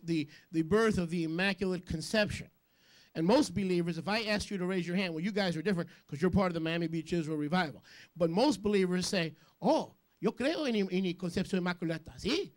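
A man preaching a sermon as a rabbi, joking with quick asides and questioning the congregation. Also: sits high. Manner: jokey, rapid asides, call-and-response questions.

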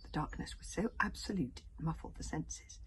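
A woman's voice: low-pitched, animated, normal speed, fairly bright tone. Woman in a whispered storybook reading. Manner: adds her own asides to the story. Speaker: reader.

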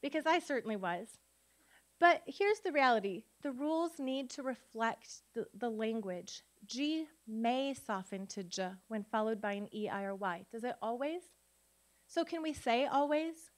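A woman's voice: fairly high pitch, lively intonation, measured pace. A middle-aged woman giving a conference talk on phonics, teaching spelling rules by quizzing the audience with rhetorical questions. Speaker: literacy educator and conference speaker. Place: conference room before an audience.

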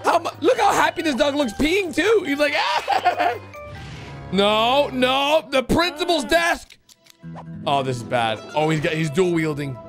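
A young man hosting a gaming channel, giving excitable reaction commentary with lots of exclamations and "bro". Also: very high-pitched, moderate pace, over music. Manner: animated, exclaiming, calls viewers bro.

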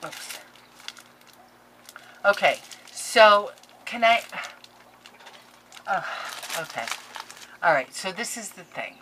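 A woman vlogger opening crafting mail on camera, gushing, excitable and talking straight to her viewers and the senders. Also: lowish voice, takes it slowly, pauses often, background noise. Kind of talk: casual unboxing chat to camera.

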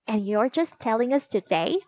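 A woman's voice: a little high, lively intonation, normal speed, mellow, no echo, lightly acted. A woman voicing an outspoken, curious young girl. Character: impatient girl, outspoken friend.

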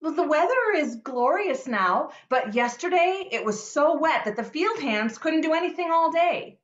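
A woman plays a lively young farm daughter who chatters on, high and swooping in pitch. She is heard in an echoey room through a dull microphone. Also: moderate pace. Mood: chatty. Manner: chatty, bustling. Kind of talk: amateur stage acting over video.

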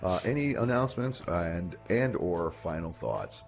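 A man's voice: sits low, very animated, a little slow, gravelly, muffled recording, soft background music. A man hosting a casual veterans' radio roundtable, laid-back and a little stumbling as he hands over to each guest. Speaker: host.

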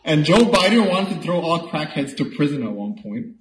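A man's voice: a little high, sing-song, normal speed. A man hosting a live goalie mask auction stream, joking and pushing buyers in sales patter. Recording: echoey room, faint noise.

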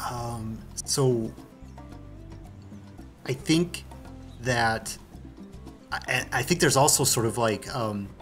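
Male game master narrating a tabletop game, halting delivery, soft music under. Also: mid-range voice. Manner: halting, searching for words.

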